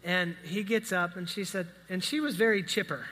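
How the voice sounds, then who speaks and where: A male pastor with a high voice tells a story from the pulpit in a relaxed, animated sermon. He has a bright, forceful tone, and his words ring with the long reverb of a hall. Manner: conversational, animated storytelling with quick asides.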